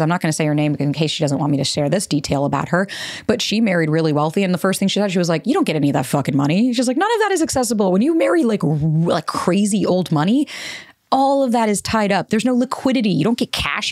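A woman's voice: fairly low pitch, a little mellow, dry recording, clean studio sound. A woman, hosting a solo podcast and talking candidly, with frequent swearing and rambling asides. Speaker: podcast host.

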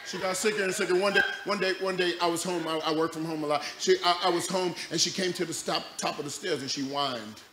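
A man preaching a sermon as a pastor, telling a story that swings from loud, laughing bursts to quiet, low passages. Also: steady tone, quick pace, hardly any pauses. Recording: echoey room with loud background noise.

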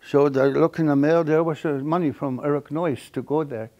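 An older man delivering a storytelling lecture with a voice sitting a little above the usual male range. He speaks haltingly, circling back with fillers and small chuckles as he goes. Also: a little high, fairly even intonation, a little mellow, muffled recording. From Akwesasne Mohawk community. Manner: chuckles while telling stories. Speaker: elder giving a lecture.

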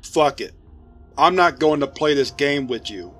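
A man's voice: a little high, animated, a little slow. A man voicing a wry male agent on night watch, speaking in a dry, blunt and sardonic way, with faint music behind.

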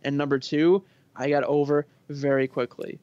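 Male guest, relaxed storyteller, slightly high voice, casual chat. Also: normal speed, highs cut off, a little hiss or hum. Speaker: podcast guest.

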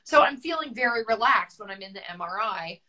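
A woman's voice: mid-range voice, animated, a little fast, bright, forceful tone, poor audio. A middle-aged woman, a guest author, telling her story candidly and with emotion, chatty with many restarts, over a video call.

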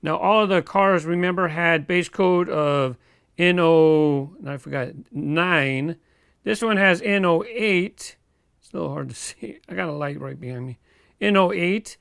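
A man with a fairly high, gravelly voice talks casually through an unboxing, easygoing and chatty. His voice sounds close and dry, with no room around it. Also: a little slow, fairly bright tone, no room sound. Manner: chatty, easygoing, chuckles between remarks. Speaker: toy car collector host.

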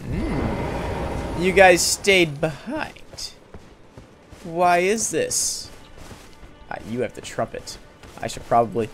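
A young man talking through a game as he plays, excitable and chatty, often yelping in surprise and talking to the characters on screen. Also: slow, pauses often. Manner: excitable, talks to the game, jumps to high yelps. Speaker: streamer playing a game. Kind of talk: let's play commentary. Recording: game music in the background.

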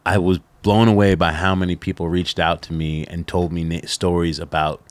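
A middle-aged man, a podcast guest, telling stories in a casual interview, animated and laughing, with lots of "like" fillers. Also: deep voice, normal speed, no echo.

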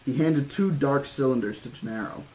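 Male audiobook reader, measured horror-toned narration, casual asides. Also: mid-range voice, warm tone, rough recording. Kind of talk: horror-toned novel reading.

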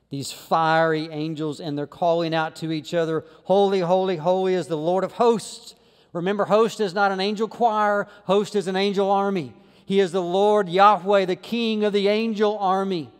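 A man preaching a sermon as pastor, swinging between loud emphatic lines and low quiet ones. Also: clean tone, in a large hall. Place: church sanctuary.

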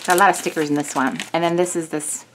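A woman's voice: lowish voice, fairly even intonation, fast, noisy background. A woman hosting a craft video, chatting through a kit in a gushing way with small self-corrections. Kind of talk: casual product walkthrough.

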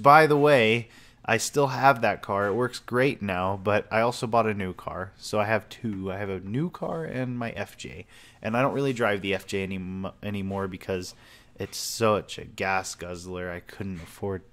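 Young guy w a lowish voice, loose rambling video message from his home office. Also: a bit bright. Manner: rambling, sincere, loose and talky. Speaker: vlogger. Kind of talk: casual personal video message.

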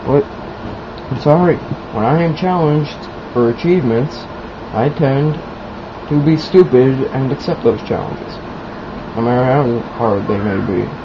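A man's voice: medium pitch, measured pace. A young man giving casual, mock-serious commentary over his own video game play. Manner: mock-serious, then loud and giddy. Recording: lo-fi, noisy home recording.

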